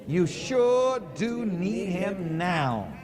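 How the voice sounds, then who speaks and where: High, lively preacher in an echoing church. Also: male voice, extremely slow, a crowd in the background. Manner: rhythmic, has the congregation repeat his lines. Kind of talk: call-and-response sermon. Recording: echoey church hall recording.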